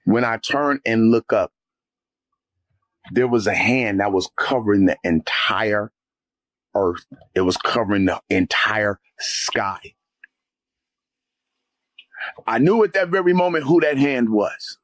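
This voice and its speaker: A man's voice: fairly low pitch, a little slow, fairly bright tone, dry recording. A man, a guest on the show, telling an emotional spiritual testimony in a fervent, vivid way and often calling his listener "man" or "brother".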